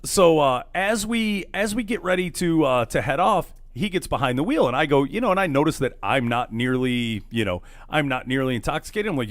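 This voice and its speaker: A man hosting a late-night radio talk show, telling a story in a casual, animated way and acting out what people said. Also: a little high, no room sound. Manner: animated storyteller, acts out quotes. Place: studio.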